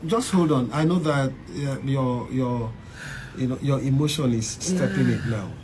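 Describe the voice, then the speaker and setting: A man's voice: mid-range voice, a little slow, noisy background. A man hosting an interview, putting in short agreements and probing follow-up questions. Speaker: interview host.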